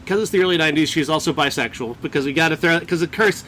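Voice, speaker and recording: A man's voice: fairly high pitch, quick pace, fairly bright tone, a little hiss or hum. A man co-hosting a movie review podcast, recapping a plot in casual chat with sarcastic asides and frequent laughs. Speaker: podcast co-host.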